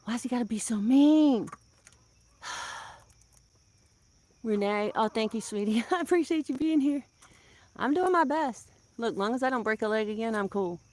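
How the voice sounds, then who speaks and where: A woman's voice: expressive, normal speed, pauses often. Chatty woman fussing over chickens. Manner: chatty, laughs often, scolds her chickens in a loud high voice. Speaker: vlogger keeping backyard chickens. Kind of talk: casual chat to camera. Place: outdoors in a backyard with chickens.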